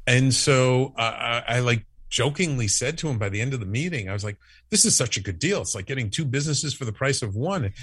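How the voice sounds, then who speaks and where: A man telling a story in a casual interview, acting out the quoted lines with lively, animated delivery. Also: mid-range voice, husky, dry recording. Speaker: podcast network founder, guest.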